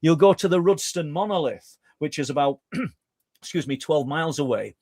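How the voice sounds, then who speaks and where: A man's voice: fairly high pitch, normal speed, no echo. A middle-aged man with a Yorkshire accent, a guest telling a long story in conversation with many stumbling restarts. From Yorkshire, England. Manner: talkative, stumbling restarts, animated. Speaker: guest researcher.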